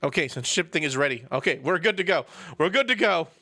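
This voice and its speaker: A man streaming a visual novel playthrough, excitable and jokey, talking to chat. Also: a little high, fast. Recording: background music.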